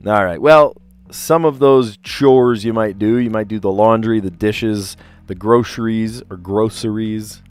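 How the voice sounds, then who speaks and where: Speaking a little slowly in a fairly low voice with a clean tone, this South Jersey man rambles casually during his puzzle stream. His light regional accent comes through as he chats and keeps breaking off mid-thought.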